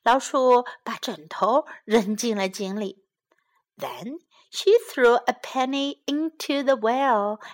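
A woman reading a children's storybook aloud and teaching from it, in a slow, gentle and expressive way. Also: fairly high pitch.

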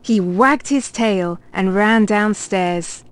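A woman reading a children's picture book aloud, clear and expressive. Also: mid-range voice, slow pace. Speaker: storybook reader.

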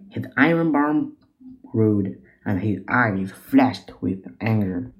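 A man reading a children's story aloud, slow, clear and addressed to children. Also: fairly low pitch, animated, narrow, tinny audio.

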